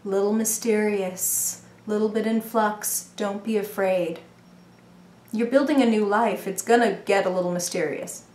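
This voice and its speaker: A woman giving a casual, playful tarot reading to the viewer, chatty and quick to laugh. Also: medium pitch, fairly even intonation, a little mellow, reverberant. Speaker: tarot reader.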